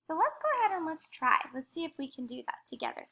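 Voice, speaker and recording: A young adult woman teacher slowly modeling letter sounds in a phonics lesson. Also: high voice, sing-song, gravelly, bright, forceful tone, slight background noise. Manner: slow, careful modeling of sounds.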